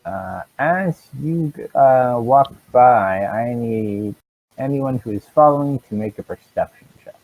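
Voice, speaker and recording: A man's voice: medium pitch, slow pace, no room sound. Man running a tabletop game over a tinny line. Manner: relaxed, loose narration with fillers. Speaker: game master. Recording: tinny phone-like audio.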